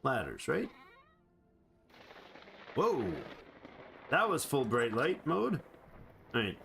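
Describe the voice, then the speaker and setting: A man's voice: medium pitch, sing-song, slow pace, creaky, fairly bright tone, slight background noise. A man giving playful, rambling let's play commentary on a survival game, chatting to the animals he meets. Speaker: gamer.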